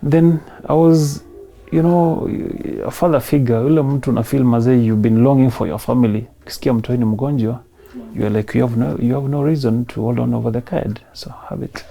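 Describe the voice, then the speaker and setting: A man in his thirties with a Kenyan accent, telling his personal story in an emotional, soft-spoken way and mixing in Swahili phrases. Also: mid-range voice, steady tone, a little fast, vocal fry. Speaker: interview guest.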